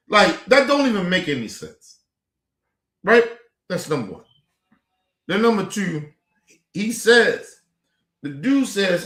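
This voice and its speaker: Male stream host, higher pitch, heated and profane, echoey room. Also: measured pace, pauses often. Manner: profane, animated, repetitive. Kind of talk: heated commentary.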